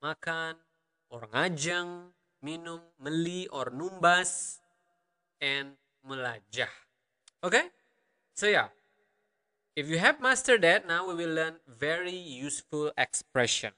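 A man from Bali with a Balinese accent, teaching a language lesson. He says words slowly and repeats them, often checking in with "okay?". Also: on the high side, lively intonation, pushed and bright, big-room sound. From Karangasem, Bali.

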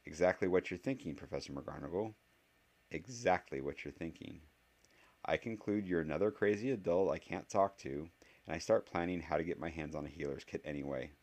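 A man's voice: low-pitched, brisk, darkish tone. A man voicing a clever, blunt eleven-year-old boy who talks in an earnest, argumentative way.

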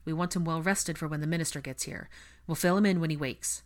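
A woman's voice: sits low, a little fast. A woman reading the part of a brusque, commanding young wizard who gives firm, clipped orders.

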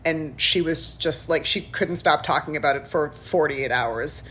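A woman's voice: sits low, unhurried, a bit bright, slight background noise. Chatty woman, rambling storyteller. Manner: rambling storyteller, many restarts and "like". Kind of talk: casual chat.

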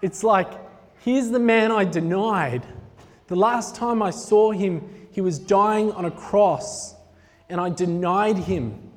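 A man's voice: high voice, takes it slowly. Emotional preacher man in a reverberant hall. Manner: conversational, jokey, grows emotional and intense. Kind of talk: sermon. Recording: long reverb of a large hall.

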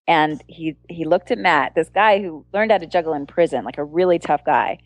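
At normal speed and with no echo, a woman who works as a street performer and entertainer tells a story as an interview guest. She laughs often and animatedly acts out quoted voices, jumping into a higher pitch for each.

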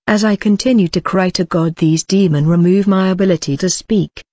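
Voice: mid-range voice, a little mellow, no room sound. Earnest testimony narrator, dull dry sound. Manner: earnest, addresses listeners as brothers and friends; non-native grammar slips.

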